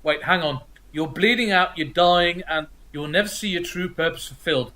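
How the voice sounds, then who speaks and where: A man's voice: on the high side, normal speed, sharp tone. A man putting on the voice of an infantile psychopathic male killer who talks in a childlike, helpful way. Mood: eerily sweet.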